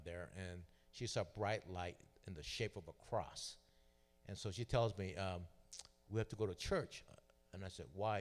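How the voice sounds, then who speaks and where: A middle-aged man sharing a personal testimony at church, telling his story and acting out the dialogue. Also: on the low side. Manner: storytelling, acts out quoted dialogue. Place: church sanctuary. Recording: long hall reverb.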